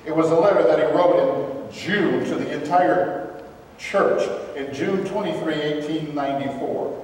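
A man hosting religious commentary, reading from documents and making earnest, emphatic points with halting restarts. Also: a little high, a little mellow. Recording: echoey hall from far off.

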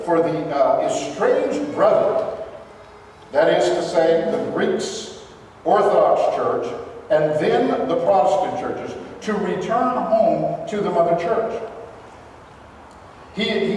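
A man hosting religious commentary, reading from documents and making earnest, emphatic points with halting restarts. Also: sits high, darkish tone, slight background noise. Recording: echoey hall from far off.

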